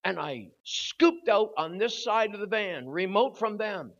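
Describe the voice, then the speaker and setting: An older man preaching at a youth service, telling a story with growing drama and shouting at its peak. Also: high-pitched, measured pace. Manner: animated storyteller, voice rising to shouts at the climax. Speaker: guest preacher. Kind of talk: storytelling sermon. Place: church hall at a youth service. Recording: dull lo-fi recording.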